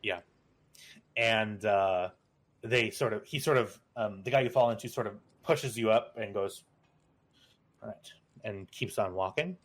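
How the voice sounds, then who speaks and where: A man narrating as game master, halting and full of fillers, laughing easily as he rules on the players' moves. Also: fairly low pitch. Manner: hesitant, many fillers and restarts, laughs easily.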